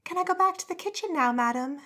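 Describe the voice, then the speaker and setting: A woman's voice: very high-pitched, animated, quick pace, sharp tone, voice pushed up, heavily acted. A timid young kitchen maid, voiced by a woman narrating an audiobook, speaking in a small, raised, anxious voice that sits far above the narrator's own. She sounds meek and a little breathless.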